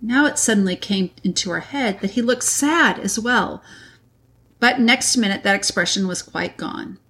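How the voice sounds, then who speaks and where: A woman reads a classic children's novel aloud with measured, deliberate pacing. Her voice sits at an ordinary middle pitch. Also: a bit bright. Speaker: reader. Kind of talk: audiobook narration.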